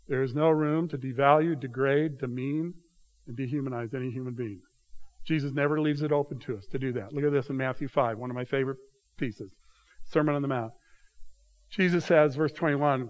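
Emphatic pastor preaching a sermon. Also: male voice, medium pitch, fairly even intonation, moderate pace, pauses often, a little mellow, poor audio. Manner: emphatic, reads scripture aloud with rising intensity; addresses congregation directly as "you guys".

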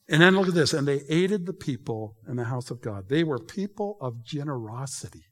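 A man's voice: medium pitch, lively intonation, brisk, few pauses, a bit bright. A man preaching a sermon in an emphatic, conversational way, addressing the congregation directly. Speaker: pastor. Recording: reverberant hall.

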